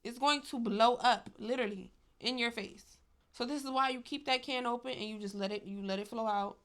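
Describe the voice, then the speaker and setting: A woman's voice: on the high side, fairly even intonation, brisk, a bit bright. A young adult woman talking candidly to her viewers in a casual vlog, emphatic and chatty, saying "y'all" and "like" often. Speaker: vlogger.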